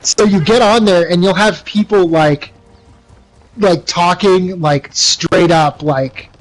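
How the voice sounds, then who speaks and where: A man's voice: high-pitched, slow, rough recording. A young man from the United States chatting casually while livestreaming a game, rambling with many fillers and restarts. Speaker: livestreaming gamer.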